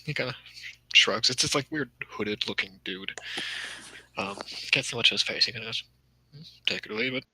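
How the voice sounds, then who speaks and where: A man's voice: on the low side, normal speed, long pauses, sharp tone, slight background noise, low-quality recording. A man running a tabletop game as game master, narrating with many fillers.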